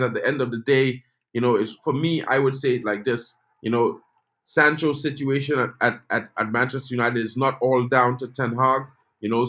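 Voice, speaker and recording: Man, football channel host, casual live-stream chat, mid-pitched voice, keeps saying "you know". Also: fairly bright tone. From Trinidad and Tobago. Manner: chatty, peppered with "you know", reads viewer comments aloud.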